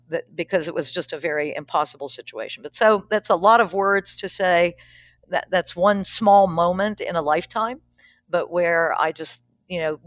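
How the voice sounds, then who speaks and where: A middle-aged woman with a fairly low voice tells a personal story with frankness and a dry, wry humor. Her speech is plain and direct. The recording is close and dry, with no room sound. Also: fairly bright tone, no echo. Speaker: pastor, guest. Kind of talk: candid personal storytelling in a podcast interview.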